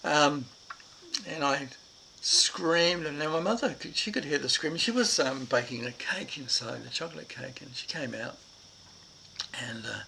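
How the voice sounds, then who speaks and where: A man's voice: mid-range voice, normal speed, creaky, sharp tone, slight background noise, low-quality recording. An older man with an Irish Australian accent telling a childhood story in a rambling, reflective way. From Ireland and Australia. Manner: rambling and reflective, with many fillers.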